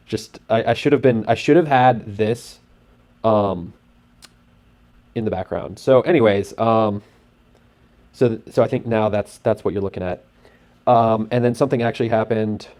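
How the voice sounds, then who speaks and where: A man narrating casually over his screen as host, talking in an excitable, rambling way with lots of fillers. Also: on the low side, moderate pace, long pauses. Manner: acts out sound effects and his own thoughts.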